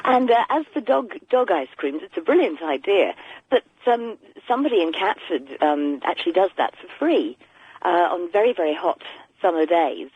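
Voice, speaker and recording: A woman's voice: lowish voice, lively intonation, normal speed, slightly rough, no room sound. A woman calling a radio show, chatting away with plenty of restarts, heard over a muffled phone line. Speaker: caller.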